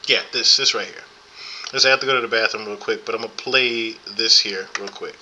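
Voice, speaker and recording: A man's voice: on the low side, fairly even intonation, a little fast, sharp tone, muffled recording, a little hiss or hum. A man hosting a podcast, chatting casually and rambling with many fillers as he thinks aloud. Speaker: podcast host. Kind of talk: casual commentary chat.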